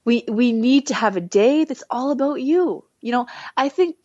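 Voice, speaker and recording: A woman's voice: a little high, lively intonation, a little mellow, dry recording, muffled recording. A woman talking casually as a podcast guest, chatty and full of fillers and restarts. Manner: chatty, lots of "like" and "you know", quick restarts. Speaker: healer, guest.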